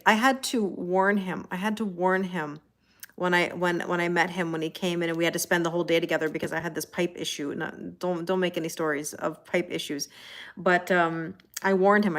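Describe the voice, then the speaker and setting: A woman's voice: on the low side, steady tone, a little fast, fairly bright tone. A Canadian woman with a Canadian accent, giving a casual live-stream tarot reading and answering viewer comments. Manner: chatty, laughs often, answers viewer comments. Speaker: tarot reader.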